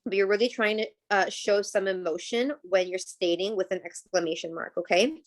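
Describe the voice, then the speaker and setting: A woman's voice: mid-range voice, steady tone, moderate pace. A woman teacher leading a live online class over a video call, explaining patiently and checking in with "right?" and "okay?".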